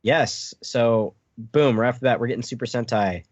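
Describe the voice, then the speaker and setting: A man co-hosting a podcast, excitedly recapping a manga chapter and laughing as he reads. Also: mid-range voice, normal speed, dry recording, dull audio. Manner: excitable, laughing while reading the story aloud. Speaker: podcast co-host.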